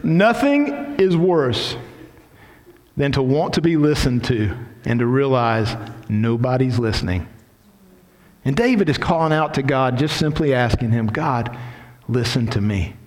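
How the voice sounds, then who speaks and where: A middle-aged man pastor giving a sermon, acting out quoted prayers with dramatic emphasis. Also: mid-range voice. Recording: long hall reverb.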